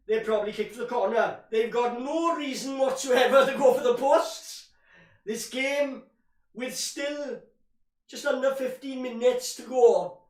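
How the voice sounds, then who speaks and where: A man's voice: extremely high pitch, a bit bright. A man giving live fan commentary on a match, ranting in frustration and calling his listeners "boys". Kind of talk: live watch-along commentary. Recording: roomy echo, distant from mic.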